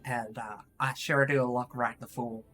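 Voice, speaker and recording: A man's voice: mid-range voice, steady tone, unhurried, a bit bright, faint music behind. A man streaming live, chatting casually in a put-on East Texas accent, rambling and often laughing at himself. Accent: put-on East Texas drawl. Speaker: VTuber streamer.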